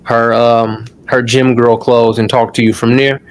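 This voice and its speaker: Male host, casual live-stream teacher, loose and profane, mid-pitched voice. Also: little pitch movement, unhurried. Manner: loose and chatty, swears, calls the audience "y'all". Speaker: online course host.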